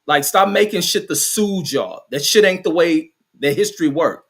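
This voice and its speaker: A man's voice: fairly high pitch, normal speed, breathy edge. Blunt, profane man arguing heatedly. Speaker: host. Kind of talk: heated casual debate.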